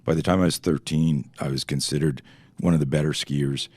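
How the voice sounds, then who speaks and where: Very deep, husky-voiced man from Canada. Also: a little fast, no room sound. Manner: animated, swears, acts out quoted dialogue. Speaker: guest, self-defense instructor. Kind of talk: podcast interview storytelling.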